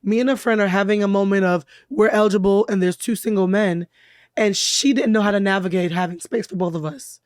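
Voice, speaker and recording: Hoarse chatty woman podcast host. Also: mid-range voice, a little fast, dry recording, studio quality. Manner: chatty and expressive, storytelling. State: hoarse from laryngitis. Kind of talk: casual chat. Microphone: studio mic.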